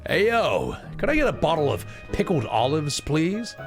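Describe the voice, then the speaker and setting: A man voicing a smug, teasing young man in a relaxed, flippant tone. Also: on the high side, moderate pace, soft background music.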